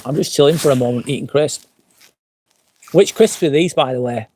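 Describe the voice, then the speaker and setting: A man's voice: medium pitch, moderate pace, darkish tone, a little hiss or hum. A man from England, a little tipsy, chatting casually on a live stream, reading out viewer comments and going off on profane, rambling rants. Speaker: vlogger hosting a live stream. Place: outdoors by a fire pit at a glamping site.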